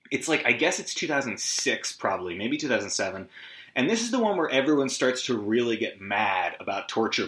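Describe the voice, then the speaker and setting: Male podcast host, bright, sharp tone, rambling recap with profane asides, lo-fi echoey room. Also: mid-range voice. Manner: rambling, scattered, swearing, self-deprecating asides. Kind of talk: solo movie recap.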